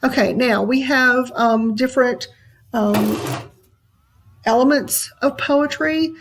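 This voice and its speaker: A woman teacher giving a recorded lesson, talking in a relaxed way with many ums and uhs. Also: on the high side, slow pace, noisy background.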